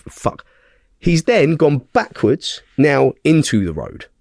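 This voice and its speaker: A man's voice: fairly high pitch, sing-song, a little slow, creaky, darkish tone, no echo, studio quality. Blunt, swearing man telling a story. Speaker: podcast guest. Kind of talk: storytelling in a podcast interview.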